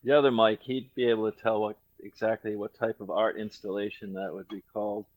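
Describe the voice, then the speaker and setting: A man's voice: fairly low pitch, level tone, a little fast, a little hiss or hum, low-quality recording. Joking middle-aged man from Rhode Island. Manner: joking, rambling, laughs often. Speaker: podcast co-host. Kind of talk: casual chat.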